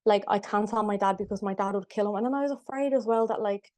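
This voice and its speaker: A young woman telling a personal story as a podcast guest, halting and full of fillers and restarts. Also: mid-range voice, darkish tone, dry recording. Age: young adult.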